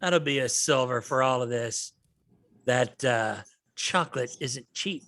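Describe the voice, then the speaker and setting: A man's voice: medium pitch, unhurried, a bit bright, dry recording, pitched below the performer's own voice. A man voicing a weary, unimpressed male tavern barkeep in a tabletop game, grumbling and hesitant.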